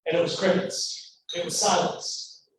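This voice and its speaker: A man from Louisiana giving a motivational storytelling speech, animated and acting out every character in his story. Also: sits high, a little slow. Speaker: guest speaker. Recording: echoey hall, mic far off, faint noise.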